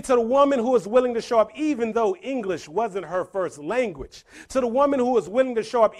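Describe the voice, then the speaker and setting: A man telling a story in a motivational speech to a live audience, repeating phrases for emphasis and building to loud peaks. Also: sits high. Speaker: motivational speaker. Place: room full of people.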